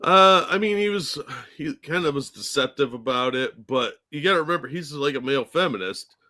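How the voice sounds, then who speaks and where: Co-host, man, bright tense tone, blunt and crude. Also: on the high side, lively intonation, a little fast. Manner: blunt, crude, sarcastic remarks. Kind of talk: casual podcast chat.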